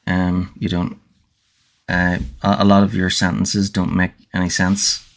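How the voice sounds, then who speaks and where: A man's voice: deep voice, monotone, a little slow, gravelly. A man reading a novel aloud on a livestream and chatting with viewers, hesitant with many fillers and restarts. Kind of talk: audiobook-style reading and casual chat.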